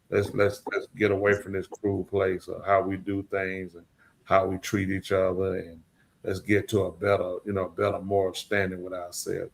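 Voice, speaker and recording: Podcast host, man, lowish voice, rambling lament in loose slang. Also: creaky, fairly bright tone. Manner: rambling and lamenting, repeats himself; drawling, informal slang. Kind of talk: casual podcast chat.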